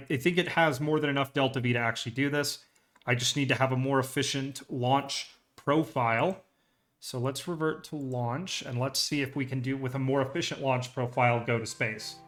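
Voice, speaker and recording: A man's voice: medium pitch, moderate pace, fairly bright tone, soft background music. A young man casually commentating his gameplay live, chatting to viewers and cheering on his rocket aloud. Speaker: game streamer.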